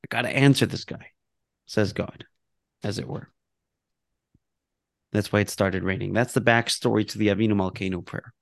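A man's voice: on the low side, steady tone, normal speed, vocal fry, pauses often, no echo, studio quality. A man teaching a casual lesson on a prayer book, reading passages aloud and explaining them with laughs and asides.

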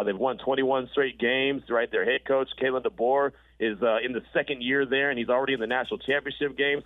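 A man calling in to talk sports, words tumbling out at a brisk clip. His voice comes through tinny and narrow, like a phone line, with no room sound. He leaps higher when he gets worked up. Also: no room sound. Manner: animated, quick, pitch jumps when excited. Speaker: regular guest commentator.

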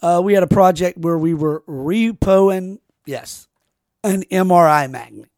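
Gravelly, profane male podcast host. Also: high voice, measured pace, a little mellow, no echo, studio quality. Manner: rambling, profane storytelling with many restarts. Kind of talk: casual podcast chat.

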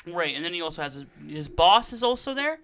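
A man's voice: fairly high pitch, very animated, a little fast, pushed and bright, smooth. A man co-hosting a podcast, recapping a movie in playful, profane banter, acting out the characters as he tells it. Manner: profane, playful, acts out characters mid-story. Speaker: podcast co-host.

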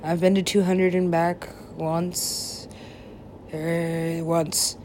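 A woman's voice: fairly low pitch, flat delivery, extremely slow, darkish tone, a little hiss or hum. A woman rambling in a drifting, profane monologue that often drops to a whisper.

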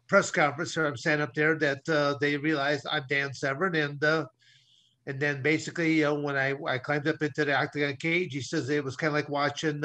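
A man's voice: a little high, sharp tone. A man co-hosting a talk show, telling a long story in a rambling way with many restarts. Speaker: co-host. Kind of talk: casual storytelling.

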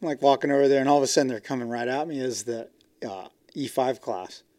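A man with a middle-pitched voice recorded close on a dry, dead mic. He talks casually and pauses to hunt for the right words. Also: a little mellow, no echo. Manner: halting, searching for words. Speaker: podcast guest who shoots photos. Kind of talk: casual podcast chat.

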